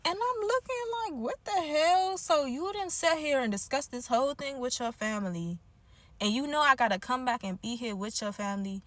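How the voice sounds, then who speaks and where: A woman's voice: sits high, a little fast, no echo. Blunt young woman with a DMV accent. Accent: DMV African American English. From DMV area, US. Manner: blunt, animated, slangy, frequent "like". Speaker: storyteller. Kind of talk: casual storytime.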